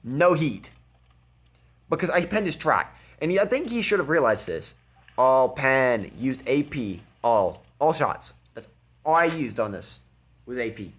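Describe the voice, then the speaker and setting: A man's voice: mid-range voice, very animated, measured pace, fairly bright tone, husky. A man giving casual, blunt commentary over a gameplay replay, mocking and laughing at his opponent. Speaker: gaming video creator.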